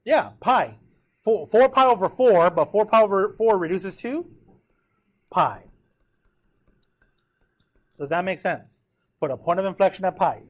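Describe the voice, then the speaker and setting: A man's voice: sits high, expressive, measured pace, pauses often. A man teaching a math class in a classroom, talking casually and checking in with his students often. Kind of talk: classroom lecture.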